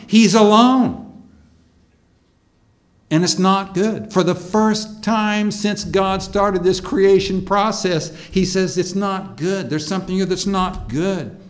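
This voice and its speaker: A man preaching a sermon in a slow, measured way, rising with emphasis on key points. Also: high-pitched. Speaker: pastor.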